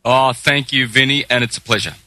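An Australian man in his forties, a guest in an interview, talking in a relaxed storytelling way. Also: medium pitch, brisk, no echo. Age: 40s. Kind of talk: casual interview talk.

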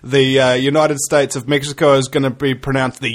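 A New man talks as a radio guest, rambling and joking with frequent fillers. His voice sits at a middling pitch. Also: little pitch movement, fairly quick. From New Zealand. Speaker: radio guest and fellow show host. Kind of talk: casual talk radio chat.

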